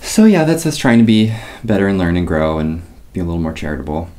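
A man's voice: low-pitched, very animated, fast, dark tone. Playful male podcast co-host. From raised Mormon. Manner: playful, joking, earnest at times. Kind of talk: casual podcast chat.

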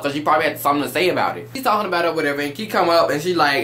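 Fast-talking young man ranting loudly. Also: a little high. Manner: loud, animated and profane ranting. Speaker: reality show reviewer. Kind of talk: casual profane rant.

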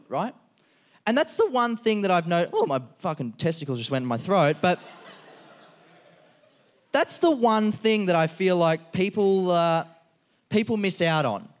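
A man, hosting a live stand-up show, swearing freely and riffing with the crowd. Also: on the high side. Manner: profane, animated, riffing with the crowd. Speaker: comedian host. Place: live venue before an audience.

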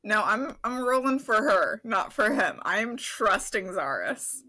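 A woman's voice: medium pitch, sing-song, unhurried, sharp tone. A woman playing a tabletop game, chatting playfully. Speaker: player. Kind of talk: casual tabletop game chat.

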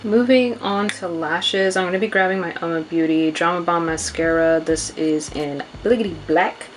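A woman's voice: fairly low pitch, normal speed, a little hiss or hum, low-quality recording. A young woman chatting casually through a makeup tutorial at home, talking to her viewers as girl and y'all, and often apologizing. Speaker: beauty vlogger.

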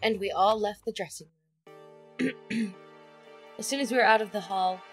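A woman's voice: medium pitch, moderate pace. A woman reading game narration aloud to friends, plain and slightly stumbling. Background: game music.

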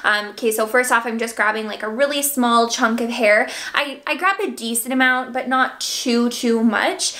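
Young woman chatting thru a hair tutorial at home, kinda breathless, lots of likes and ums, highish voice. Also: normal speed, hardly any pauses, bright, forceful tone. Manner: chatty, filler-heavy with frequent "like" and "um". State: out of breath, seven months pregnant. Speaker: beauty vlogger. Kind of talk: casual hair tutorial talk to camera.

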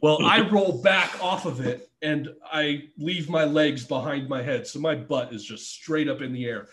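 A middle-aged former pro wrestler, appearing as a podcast guest, swaps wrestling stories in a relaxed chat, laughing a lot and cursing freely. His voice runs slightly high and fairly bright, delivered at an even, measured pace. A faint hiss or hum sits under the recording.

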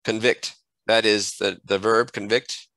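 A man giving a screen-recorded software tutorial, thinking aloud and correcting himself as he clicks through menus at a desk microphone. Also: lowish voice, fairly even intonation, normal speed, no echo, poor audio.

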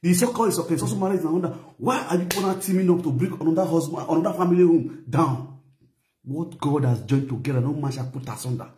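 A man's voice: fairly high pitch, fast, darkish tone, roomy sound, a little hiss or hum. A man from Benin, Nigeria, speaking Nigerian Pidgin with a Benin accent, lecturing in a preachy, repetitive way and often checking "you understand?". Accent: Nigerian Pidgin, Benin (Edo). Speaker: commentator vlogger. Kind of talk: lecturing commentary.

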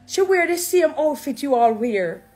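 Middle-aged Jamaican woman, fairly high voice, preachy and animated, faint music underneath. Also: unhurried. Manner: animated, preachy, affectionate, mixing patois. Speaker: dancehall artist. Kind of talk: casual direct-to-camera talk.

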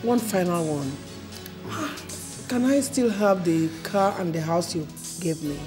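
A woman's voice: lowish voice, lively intonation, measured pace. A woman playing a jilted ex in a TV sitcom, wheedling to keep the gifts. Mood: pleading. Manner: pleading, wheedling. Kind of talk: TV sitcom acting. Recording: music under the dialogue.

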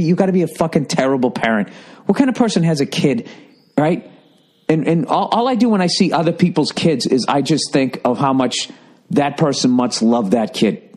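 A man's voice: medium pitch, a little mellow, slightly rough. A man, ranting casually and profanely as a podcast host at home. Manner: profane, exasperated, mocks others in put-on voices. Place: home room with birds chirping outside.

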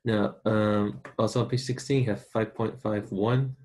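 A man's voice: lowish voice, fairly even intonation, unhurried, a little mellow. A man giving a casual, chatty recorded online Spanish lesson and talking straight to his students. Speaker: Spanish teacher.

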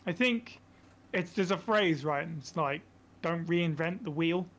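A relaxed man chats as a podcast guest and chuckles often along the way. His voice sits a little high for a man, and his delivery is easygoing. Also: unhurried. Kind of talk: casual podcast chat.

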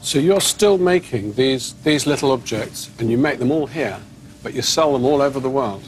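A man's voice: mid-range voice, animated, normal speed, a little hiss or hum, low-quality recording. A middle-aged man co-hosting a travel show, asking curious questions in casual chat and leaning on "you know". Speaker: co-host and art historian.

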